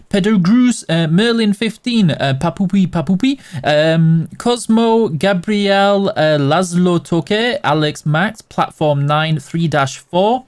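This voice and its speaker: A man with a fairly high-pitched voice hosts a relaxed livestream. He greets viewers by name and fields chat questions. His tone is friendly and a little teasing. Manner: reads chat names aloud and answers questions. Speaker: livestream host.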